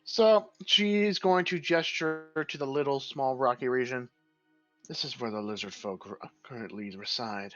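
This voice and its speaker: A man's voice: medium pitch, measured pace, a bit bright, lo-fi sound, soft background music. A man narrating as the game master of a tabletop game, describing scenes steadily.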